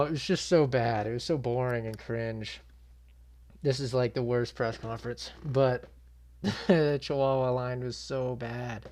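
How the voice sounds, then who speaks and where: A man's voice: medium pitch, steady tone, moderate pace, a little mellow. A young man with a mid-range voice talks straight to his audience in a loose, unscripted recap. He is blunt and exasperated, and he swears freely. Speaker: MMA channel host. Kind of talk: casual reaction commentary.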